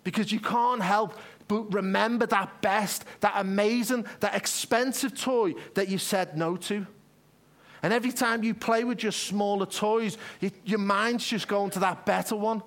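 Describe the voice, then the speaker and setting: A man's voice: high voice, steady tone, a little slow, fairly bright tone. A man preaching a sermon in an earnest, conversational way, often restarting his phrases.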